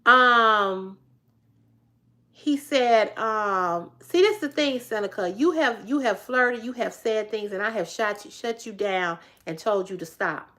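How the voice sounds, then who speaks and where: A woman hosting a live stream, telling a family story in a blunt, profane, animated way and talking back to her chat. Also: mid-range voice, a little slow. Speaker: livestream host.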